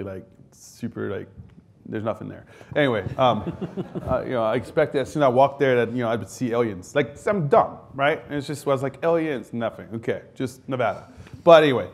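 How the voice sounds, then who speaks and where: A man's voice: on the low side, gravelly. A man in his thirties, raised in France, telling stories on stage as a guest author and acting out the voices he quotes. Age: 30s. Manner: animated anecdotes, acts out quoted voices, laughs often. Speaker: guest author, army veteran. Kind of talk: casual storytelling on stage.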